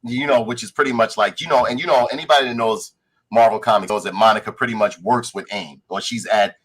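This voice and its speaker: A man's voice: lowish voice, steady tone, fast talker, fairly bright tone, husky, poor audio. A man co-hosting a casual pop-culture podcast, retelling a show scene by scene and acting out the characters' lines, swearing freely. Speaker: podcast co-host. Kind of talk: casual chat reviewing a show.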